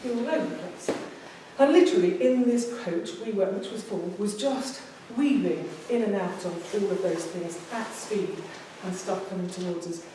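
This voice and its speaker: A woman's voice: mid-range voice, normal speed, mellow, a little hiss or hum. Lady in her 50s giving a club speech, heard from far off in a very echoey room, faint murmur behind. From England. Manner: emotional, restarting and repeating phrases. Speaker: public speaking club member. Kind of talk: personal storytelling speech. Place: meeting room.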